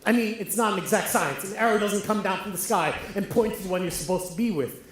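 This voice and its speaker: An actor playing a lonely musical-theatre fan who talks confidingly and rambles wryly in a stage musical. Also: male voice, sits high, fast, lightly acted. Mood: rambling. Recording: echoey hall, faint noise.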